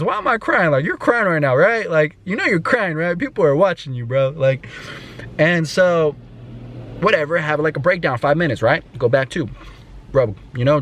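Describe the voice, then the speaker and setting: A man talking in a personal vlog, rambling and emotional, with many fillers, sometimes talking to himself. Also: medium pitch. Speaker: vlogger.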